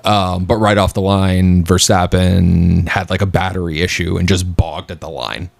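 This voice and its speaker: A man's voice: low-pitched, fairly even intonation, moderate pace, creaky, dry recording. A man co-hosting a podcast from his home basement, chatting casually and rambling with lots of fillers. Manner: rambling, filler-heavy storytelling. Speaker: podcast co-host. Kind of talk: casual chat.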